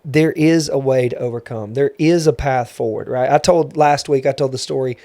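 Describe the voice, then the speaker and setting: A man's voice: medium pitch, steady tone, normal speed, warm tone. A man hosting a podcast, talking earnestly, repeating key points and checking in with "right?". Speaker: podcast host. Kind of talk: casual interview conversation.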